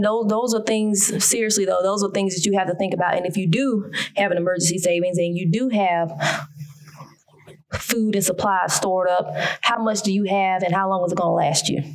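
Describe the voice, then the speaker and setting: A woman with a Southern American accent hosting her own podcast, talking casually in a folksy, emphatic, preachy way. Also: medium pitch. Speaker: podcast host. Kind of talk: casual solo podcast talk.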